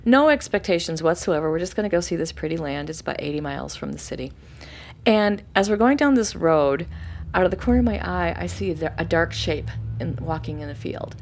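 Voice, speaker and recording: Animated woman telling a personal story. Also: fairly quick. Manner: animated, acts out quoted voices with sudden high bursts; drops to soft, hushed narration for calm moments. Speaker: interview guest. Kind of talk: casual storytelling.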